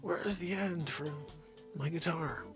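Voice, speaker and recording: Gravelly rambling male live-stream host. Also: fairly high pitch, slow, over music. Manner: rambling, scolds his dogs, shouts out viewers. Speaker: host of a daily live comedy show.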